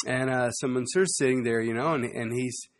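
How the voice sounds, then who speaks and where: Guy preaching a sermon, easygoing storyteller, keeps throwing in "you know", mid-pitched voice. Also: moderate pace. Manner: relaxed, with frequent "you know" asides.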